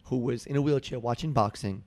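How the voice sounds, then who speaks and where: A man's voice: medium pitch, a little fast, darkish tone. A man hosting a podcast, asking questions in an eager, chatty way. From Long Island. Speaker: podcast host. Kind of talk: casual interview.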